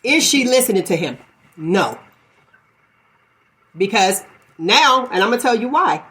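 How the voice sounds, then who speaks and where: A woman host argues her point in a casual talk-show debate. She is emphatic and repeats phrases like a refrain to keep the floor. Her pitch sits in a middle register. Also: animated, unhurried, fairly bright tone. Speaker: podcast host.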